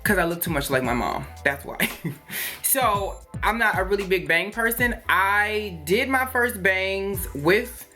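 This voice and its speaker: A woman's voice: mid-range voice, lively intonation, measured pace, bright, forceful tone. A woman reviewing hair products in a chatty, rambling way, with many fillers and playful jokes. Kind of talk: casual product review chat. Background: faint music.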